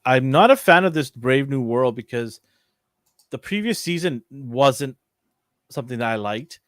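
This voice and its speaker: A man's voice: medium pitch, a bit bright, no room sound, studio quality. A man co-hosting a casual podcast chat, teasing and laughing often. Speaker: podcast co-host.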